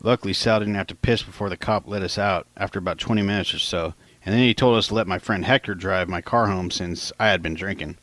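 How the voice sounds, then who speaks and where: A man's voice: sits low, quick pace, fairly bright tone, dry recording. A man narrating his own novel as an audiobook in a plain, casual storytelling manner. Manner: plain, casual storytelling, quotes lines in lightly raised voices.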